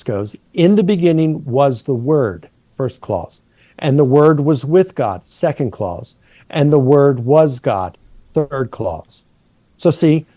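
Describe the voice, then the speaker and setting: A middle-aged New Testament professor patiently explains Greek grammar, slowing down to stress key words. His voice is medium-pitched and mellow, with no room sound.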